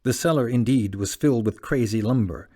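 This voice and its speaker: A man's voice: medium pitch, warm tone. Man narrating a classic audiobook. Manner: measured, dramatic reading.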